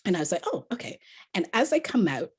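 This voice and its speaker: Animated breathy woman telling a story. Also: on the low side, quick pace. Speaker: author and motivational speaker. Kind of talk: lively storytelling podcast guest.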